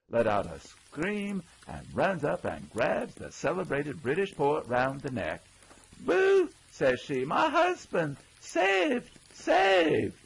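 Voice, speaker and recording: A man narrating a folksy old-time story, with lively character voices. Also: medium pitch, husky, poor audio. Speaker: audiobook narrator.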